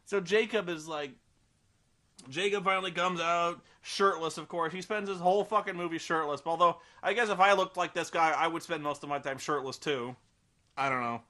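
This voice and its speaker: A man's voice: a little high, normal speed, bright, forceful tone. A man giving a rambling, sarcastic and profane comedic film review.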